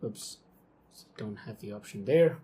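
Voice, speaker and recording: A young man casually talking through his coding workflow live at his computer, excitable and thinking aloud with frequent okays and ums. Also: lowish voice, unhurried. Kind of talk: casual live screen-recorded walkthrough.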